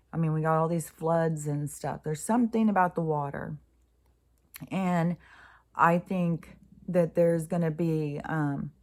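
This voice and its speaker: A woman with a lowish voice talks to herself as much as to her listeners. She rambles and restarts as she thinks aloud, and her voice sometimes falls to a soft, near-whispered hush. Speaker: spiritual vlogger. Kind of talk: casual spiritual musing.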